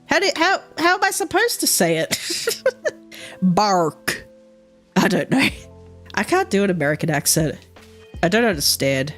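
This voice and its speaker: A woman's voice: medium pitch, wildly swooping pitch, normal speed, pauses often, a bit bright, faint music behind. A young woman chatting casually on a livestream, rambling with lots of fillers, frequent laughter and casual swearing. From Australia. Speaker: streamer.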